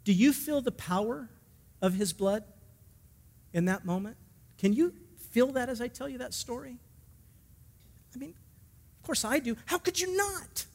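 A man's voice: very high voice, expressive, measured pace, creaky, pauses often, in a large hall. A male pastor preaching a sermon emphatically, asking the congregation questions and telling a story.

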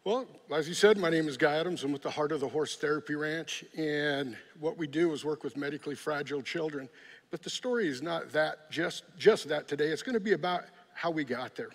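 A man's voice: on the high side, fairly quick. A middle-aged man from San Jose giving an earnest, plainspoken personal testimony, often restarting his sentences. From San Jose, California. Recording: long echoey hall reverb.

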